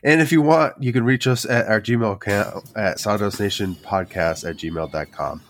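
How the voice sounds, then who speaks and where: A man's voice: fairly low pitch, normal speed. A man co-hosting a casual woodworking podcast, running through contact details in a playful, wry way. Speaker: podcast co-host. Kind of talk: casual podcast outro chat.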